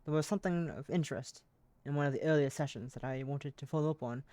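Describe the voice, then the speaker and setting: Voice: medium pitch, fast talker, dark tone, no echo. Streamer reading a game, swearing at slips. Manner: swears freely, laughs at own slips. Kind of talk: reading a visual novel aloud on stream.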